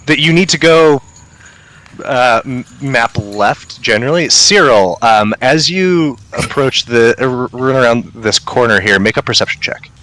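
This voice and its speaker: A man narrating a tabletop game as game master, halting, with many ums and restarts. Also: medium pitch, expressive, sharp tone, poor audio.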